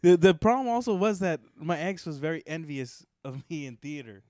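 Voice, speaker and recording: Lively young man in casual podcast chat. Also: a little high, moderate pace, no room sound, clean studio sound. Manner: laughs often, easygoing storytelling. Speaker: podcast co-host.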